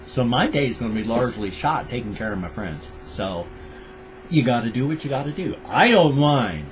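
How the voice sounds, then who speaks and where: A man's voice: mid-range voice, big pitch swings, normal speed, a little hiss or hum. An older American man rambling in a casual daily vlog, tender and repetitive as he talks about his pets. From United States. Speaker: vlogger.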